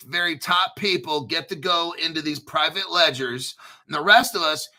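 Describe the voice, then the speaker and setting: A foul-mouthed man in his fifties hosting a crypto livestream with a rambling, ranting delivery. His voice is somewhat high for a man and has a piercingly bright, tense edge. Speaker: crypto channel host. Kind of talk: profane livestream rant.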